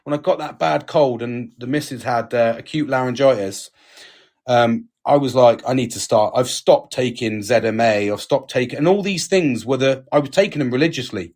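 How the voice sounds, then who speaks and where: A man's voice: mid-range voice, normal speed, darkish tone. A British man co-hosting a casual podcast chat, frank and sweary, talking with emphasis. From United Kingdom. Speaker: podcast co-host.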